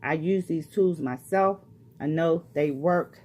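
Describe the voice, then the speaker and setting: Her voice sits low and darkish, and she takes her time. An older retiree and grief coach, she gives a motivational talk to camera, speaking earnestly and personally to the listener and repeating phrases to drive points home.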